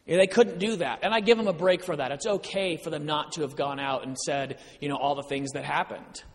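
Guest preacher, male, high pitch, animated storyteller, reverberant church hall. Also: fairly quick. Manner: animated storyteller, acts out dialogue. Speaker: guest speaker. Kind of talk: sermon with personal stories.

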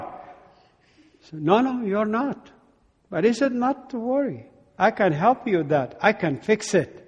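A high-pitched man shares his testimony like a sermon, voicing both sides of old conversations with animated feeling. His voice carries with a long reverb, as if spoken from the stage of a large hall. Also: unhurried, slightly rough, lo-fi sound. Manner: animated storyteller acting out dialogue. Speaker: speaker giving testimony.

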